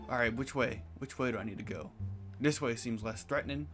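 A young man doing jokey, excitable commentary while playing a video game. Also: mid-range voice, brisk. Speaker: gaming YouTuber. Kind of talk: gameplay commentary. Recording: game music behind.

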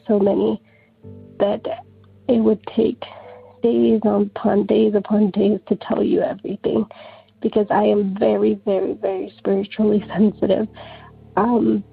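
A woman with a very husky, breathy voice and a gravelly fry tells her story in a loose, rambling way, scattering "like" everywhere. She comes through a thin, phone-like line with faint music underneath. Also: mid-range voice. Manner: rambling, heavy use of "like". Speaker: caller. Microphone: telephone.

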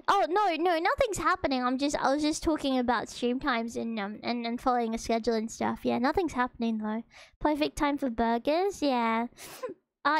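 A woman's voice: on the high side, clean tone, no echo. A young woman with an Australian accent, chatting casually with viewers as a streamer in a hesitant, rambling, emotional way.

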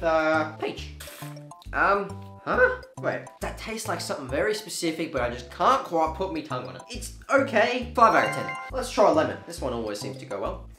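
A young man taste-testing drinks in a casual vlog, excitable and swearing freely. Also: fairly high pitch, brisk. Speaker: YouTuber. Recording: echoey room with faint music.

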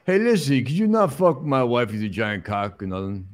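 A man's voice: medium pitch, big pitch swings, close to an everyday voice. A man impersonating a mumbling, tongue-tied aging male action-movie star, hosting an improvised comedy sketch. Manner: halting, rambling, tongue-tied. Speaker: comedy show host.

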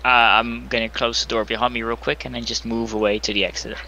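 A man's voice: mid-range voice, little pitch movement, fast talker, gravelly, bright, forceful tone, dull audio, slight background noise. A man playing a tabletop game over online voice chat, talking in a wry, offhand way. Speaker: player.

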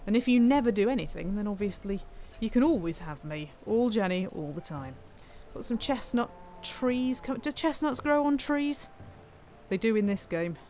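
A woman's voice: medium pitch, lively intonation, normal speed, warm tone. Chatty woman streaming a game. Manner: chatty and playful, thanking viewers, talks to herself. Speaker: streamer playing a city-building game. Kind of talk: live-stream gameplay commentary.

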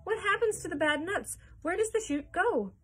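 A woman voicing a hysterical rich mother in a children's storybook read-aloud, shrill and wailing. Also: animated, slow, pushed and bright, full character voice. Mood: frantic.

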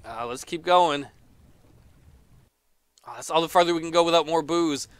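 A man's voice: fairly high pitch, moderate pace, smooth, no echo. A man casually commenting on a game as he plays, exclaiming often, laughing and reading the game's text aloud. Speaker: let's player.

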